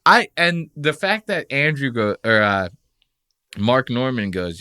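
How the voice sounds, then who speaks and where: Animated, profane man ranting on a podcast. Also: mid-range voice, moderate pace, no room sound, clean studio sound. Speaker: podcast host. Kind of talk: casual comedic podcast rant.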